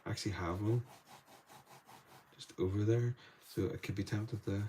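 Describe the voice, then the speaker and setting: A man hosting a live painting demo, thinking aloud softly as he works and brightening when he greets viewers in the chat. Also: lowish voice, steady tone, moderate pace, a little hiss or hum. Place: indoor studio room.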